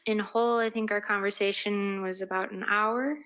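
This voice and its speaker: A woman's voice: mid-range voice, fairly even intonation, moderate pace, fairly bright tone, clean tone, low-quality recording. A young woman in her twenties from Wisconsin testifying in court, composed and a little theatrical. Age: 20s. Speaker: trial witness.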